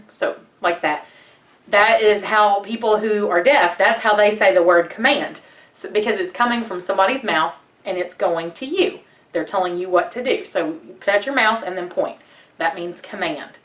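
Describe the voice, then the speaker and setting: A woman's voice: medium pitch, animated, a bit bright. A woman teaching a memory verse to children in a patient, encouraging way. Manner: encouraging, patient, speaks slowly when reciting. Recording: roomy sound from a distance.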